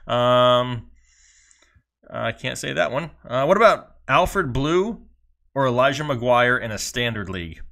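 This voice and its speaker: A man's voice: mid-range voice, lively intonation, vocal fry, bright, forceful tone. A man co-hosting a live fantasy football stream, reading out viewer questions and joking along casually. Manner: joking, reads viewer questions aloud quickly. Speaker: fantasy football show co-host.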